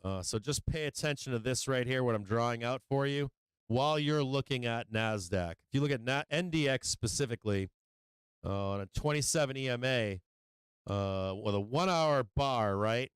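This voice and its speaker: Clean studio sound with no echo captures this middle-aged livestream host's smooth, medium-pitched voice, lively in intonation and moderate in pace. Between trade updates he rambles profanely and casually about charts and money, sometimes slipping into gleeful taunting.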